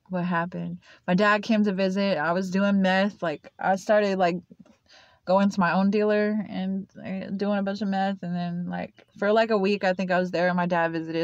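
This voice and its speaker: A woman's voice: fairly low pitch, no room sound. A young woman telling her own story to camera in a loose, rambling way, full of "like" and "uh". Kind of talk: casual personal storytelling to camera. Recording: dull lo-fi, dry sound.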